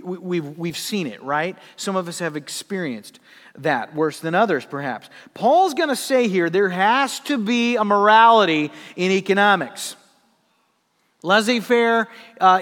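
High-voiced man preaching a sermon. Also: long reverb tail. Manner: animated storytelling with laughing asides. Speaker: pastor.

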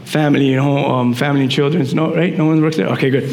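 A male pastor preaching a sermon, animated, with shouted peaks and quick asides to the congregation. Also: mid-range voice. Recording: echoey hall reverb, faint noise.

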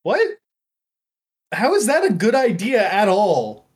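A man's voice: high voice, big pitch swings, slow pace, breathy edge. A man hosting a tabletop game podcast, chatting casually and stammering when put on the spot. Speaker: podcast host and player.

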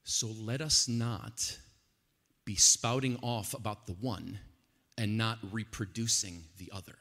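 A man preaching a sermon at a conference, animated and swinging from quiet talk to loud, emphatic passages. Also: fairly low pitch, unhurried. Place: large conference hall. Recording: long hall reverb.

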